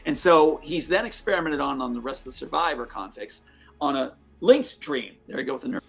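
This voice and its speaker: A man's voice: a little high, very animated, brisk, creaky, fairly bright tone, husky. A man retelling a film story in a rambling way with fillers, heard in a clip.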